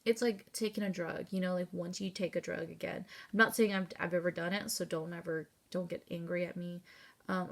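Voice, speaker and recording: Gravelly, candid woman vlogger in her thirties. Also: lowish voice. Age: 30s. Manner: rambling and candid, with fillers and swearing. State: tearful, close to crying. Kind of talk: casual personal vlog.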